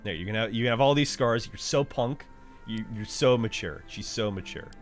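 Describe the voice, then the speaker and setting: A man's voice: on the low side, expressive, moderate pace. A man streaming a game, chatting casually with his viewers, swearing and joking as he builds a character. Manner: laid-back banter with chat, swearing and laughing. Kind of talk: casual live-stream chat while playing. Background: faint game music.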